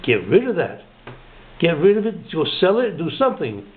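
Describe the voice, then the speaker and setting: A man's voice: a little high, wildly swooping pitch, moderate pace. A man voicing a stern, exasperated male bishop who keeps scolding and repeating his orders, over a narrow phone-like recording. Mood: furious.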